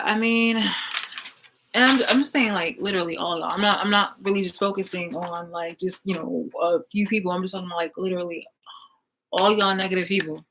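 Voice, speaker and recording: A woman's voice: fairly low pitch, background noise. Exasperated woman ranting at critics. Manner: exasperated, profane, filler-heavy, swings from loud to muttered. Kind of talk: ranting vlog monologue.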